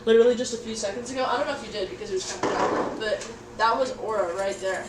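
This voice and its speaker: A woman's voice: on the high side, fast. A young woman casually chatting to her livestream audience while cooking at home, goofy and rambling, swearing now and then. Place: home kitchen. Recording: echoey room, mic at a distance, background noise.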